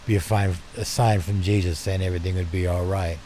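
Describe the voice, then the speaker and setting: An older man telling personal stories in a gentle, heartfelt way, speaking to his listeners as dear friends. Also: sits low, fairly even intonation, fairly quick, slight background noise. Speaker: storyteller. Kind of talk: personal storytelling.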